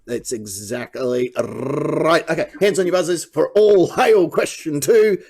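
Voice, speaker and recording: Male comedy host, slightly high voice, laughs at his own jokes, live panel banter. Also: measured pace, creaky, darkish tone, breathy edge.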